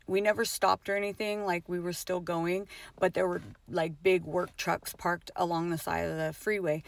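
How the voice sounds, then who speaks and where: A woman's voice: fairly low pitch, gravelly, no echo. A middle-aged mother telling a personal story in a casual vlog, swearing often, with lots of fillers and emphatic swings.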